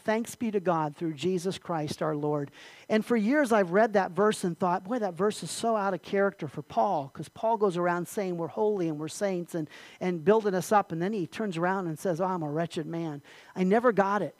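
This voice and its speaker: A man preaching an earnest sermon as pastor, repeating key phrases and sometimes clearing his throat. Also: high-pitched, normal speed, dry recording, low-quality recording.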